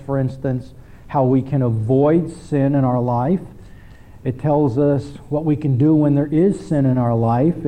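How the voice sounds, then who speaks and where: A man teaching a church class in a measured, explanatory sermon style. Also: a little high, dark tone, poor audio. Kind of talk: sermon lecture.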